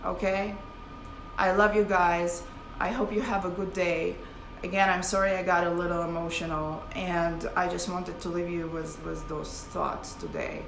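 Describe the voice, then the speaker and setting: A woman's voice: on the low side, little pitch movement, moderate pace, vocal fry, slight background noise. A woman giving an impassioned, profane live-stream talk to her followers as a spiritual teacher. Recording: echoey room with faint ambience.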